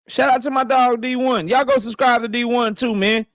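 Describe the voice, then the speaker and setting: A man hosting a boxing live stream from his office, talking loose and profane and shouting out viewers by name. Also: very high voice, fairly even intonation, normal speed, no echo, clean studio sound. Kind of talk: casual live-stream chat. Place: home office.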